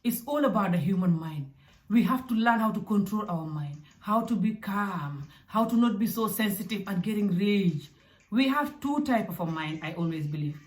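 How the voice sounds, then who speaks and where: A young adult woman from Africa giving parenting advice in a casual, direct, animated way. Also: medium pitch, moderate pace. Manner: animated and direct, with acted asides. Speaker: parenting vlogger. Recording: echoey room.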